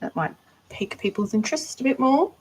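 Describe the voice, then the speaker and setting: A woman's voice: high-pitched, lively intonation, brisk, darkish tone, husky, poor audio. A woman chatting casually to viewers on a craft livestream, laughing often and trailing off mid-thought. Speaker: livestreaming doll maker. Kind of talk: casual live stream chat.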